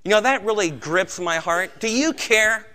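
An American man preaching a sermon with passion, swinging between loud outbursts and hushed low tones. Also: expressive, normal speed. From United States. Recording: long reverb of a large hall.

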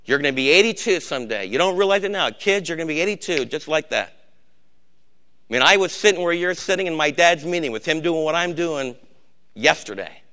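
Older pastor guy preaching hard, kinda high voice, gets loud then quiet. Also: animated, fairly quick. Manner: exhorting, swings from quiet to shouting. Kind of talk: sermon.

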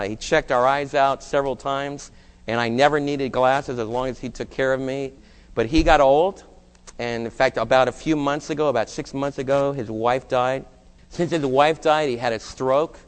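A man's voice: medium pitch, moderate pace, clean tone, in a large hall. A man preaching a sermon, reading scripture and telling a personal story in an earnest way. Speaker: pastor.

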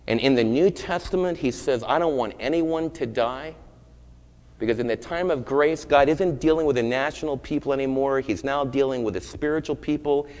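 A preaching man in a reverberant hall. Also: medium pitch. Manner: swings from loud urgent preaching to hushed storytelling. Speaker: pastor. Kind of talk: sermon.

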